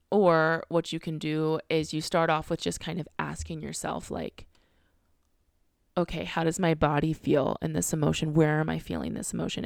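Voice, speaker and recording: Low-voiced chatty woman coach. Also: vocal fry, dry recording, studio quality. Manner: chatty, rambling with frequent restarts and fillers. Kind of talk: casual podcast monologue.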